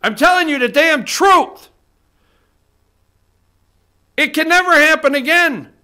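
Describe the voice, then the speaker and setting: A man in full rant, hurling his points straight at the camera. His voice sits strikingly high and rings bright and forceful, and he swears and hammers the same lines again and again. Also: expressive, slow pace. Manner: heated, swearing, repetitive, addresses viewers directly. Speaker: political talk show host. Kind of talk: fired-up political rant to camera. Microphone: studio camera.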